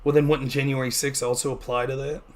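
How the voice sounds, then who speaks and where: A man speaking as a guest political commentator in a casual interview, animated, with sharp upward jumps in pitch when he greets people. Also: quick pace.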